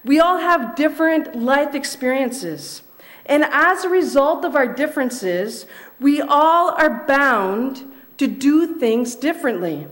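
A young woman preaching a sermon in a measured way, repeating key phrases for emphasis. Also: high-pitched, expressive, a bit bright.

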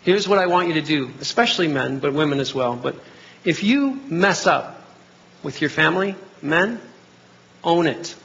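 A middle-aged man preaching a sermon, animated and acting out bits of dialogue in different voices. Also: on the high side, moderate pace, creaky. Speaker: pastor. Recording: dull lo-fi recording.

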